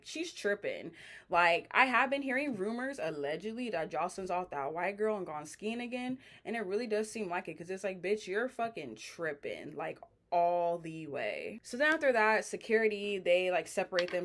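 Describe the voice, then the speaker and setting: A woman's voice: fairly low pitch, fairly bright tone. Blunt, profane woman recapping a TV show. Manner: blunt, profane, slangy storytelling. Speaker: reality TV recap vlogger. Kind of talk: casual reality TV recap.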